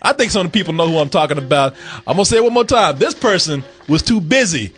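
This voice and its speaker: A man's voice: on the high side, animated, quick pace, a bit bright, breathy edge. A man running a playful quiz in casual podcast chat, teasing his co-host and laughing often.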